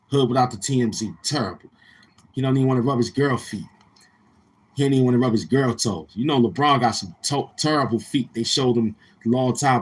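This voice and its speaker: A man with a husky, slightly rough voice hosts a live stream. He roasts a viewer in loose, joking banter and often breaks into laughter. He talks straight to his chat. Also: mid-range voice.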